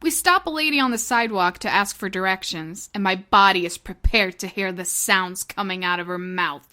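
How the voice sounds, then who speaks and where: A young woman narrating an animated story vlog in an excitable, giggly, gushing way. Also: mid-range voice, moderate pace, few pauses.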